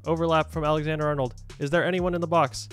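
Excitable young man commentating his game. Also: fairly high pitch, quick pace, soft background music. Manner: jokey, excitable, shouts at his players. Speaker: gaming YouTuber. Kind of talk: casual gameplay commentary.

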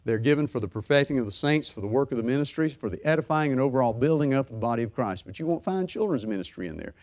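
A middle-aged man pastor preaching a sermon, swinging from loud fervor to soft, hushed talk. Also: mid-range voice, animated, rapid-fire.

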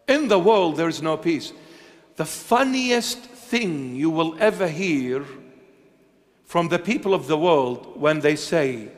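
A man preaching a sermon as a bishop, slow and emphatic, asking rhetorical questions and swinging between hushed lines and loud ones. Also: on the high side, animated, in a large hall.

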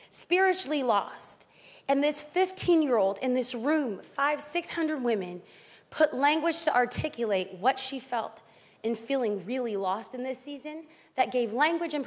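A woman pastor preaching a sermon with energy, playful asides and acted-out quoted voices. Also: high voice.

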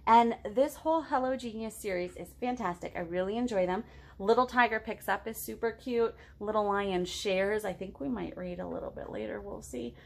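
Reading a picture book to kids at storytime, a middle-aged woman keeps her tone gentle and encouraging and puts questions to the children. Her voice is mid-range and creaky, with a moderate pace.

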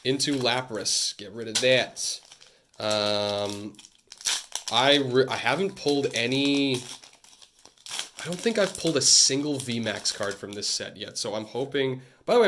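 Chatty man opening card packs on his phone. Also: medium pitch. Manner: chatty, joking asides, excited outbursts. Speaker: vlogger. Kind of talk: casual card-opening vlog. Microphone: phone held close.

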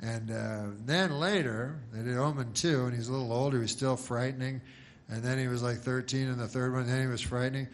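Deadpan rambling stand-up man. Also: mid-range voice. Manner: halting, deadpan, full of filler words. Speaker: stand-up comedian. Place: private event room. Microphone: handheld mic.

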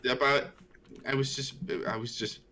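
A man's voice: medium pitch, level tone, moderate pace, bright, forceful tone, a little hiss or hum. A man chatting and teasing friends in a casual gaming session over a headset.

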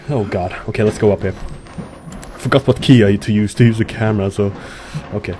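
A young gamer nervously narrates a horror let's play, swearing and talking both to himself and to the characters. His fairly low, warm voice is brisk but broken by long pauses, with slight background noise.

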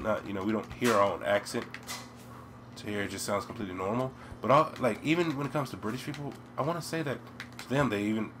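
A young American man with an American accent, chatting and rambling while playing a video game, breaking into loud yelps. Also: fairly low pitch, slight background noise. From United States. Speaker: let's play gamer. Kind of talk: game commentary.

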